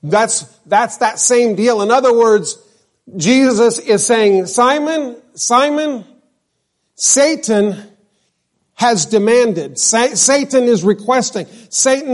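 Preaching a sermon in an unhurried, drawn-out manner, a male pastor from New Mexico has a voice on the high side for a man, with a darkish tone. He pauses to ask the congregation questions while explaining his point.

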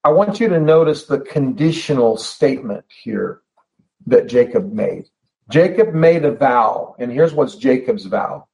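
A man preaching a sermon in a church, earnest and emphatic, repeating phrases and slowing down to stress key words. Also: mid-range voice, lively intonation, vocal fry, darkish tone. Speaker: pastor. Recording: slightly dull lo-fi sound.

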